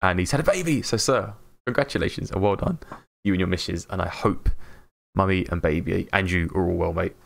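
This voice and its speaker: A man's voice: low-pitched, a little fast, gravelly. An English man live-streaming a game, chatting in an upbeat way with viewers, greeting them by name and laughing often. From England. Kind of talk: casual live-stream chat while gaming.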